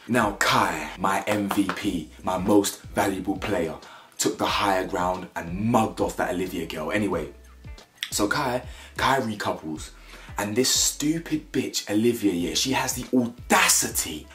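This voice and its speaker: A man's voice: lowish voice, measured pace. A young British man giving blunt, slangy, mocking commentary on a reality show. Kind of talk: opinionated reaction commentary. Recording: echoey room with faint music.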